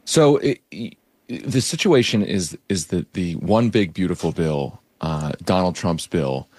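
Male interview guest, very low voice, dry recording. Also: animated, unhurried, a little mellow, husky, no echo. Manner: explanatory, with fillers. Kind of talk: interview answers.

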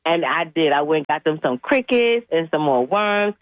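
A woman's voice: low-pitched, moderate pace, dry recording. A middle-aged woman, co-hosting a radio talk show and telling a story with laughter and acted-out voices. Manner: animated storyteller, laughs often, acts out voices. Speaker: radio co-host. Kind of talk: casual storytelling chat. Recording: tinny phone line.

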